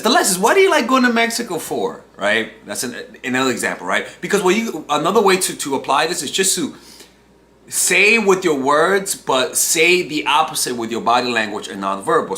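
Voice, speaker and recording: A man's voice: mid-range voice, expressive, fairly quick, bright, forceful tone. A man in his twenties, a dating coach talking casually to camera, restarting phrases and often tagging on "right?". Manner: talks in loose restarts and checks in with "right?".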